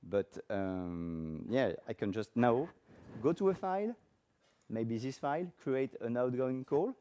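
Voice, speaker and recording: Before an audience in a conference room, a man gives a technical talk with a live demo, speaking informally and putting questions to the crowd. His medium-pitched voice is animated, warm and clean, and he takes it slowly.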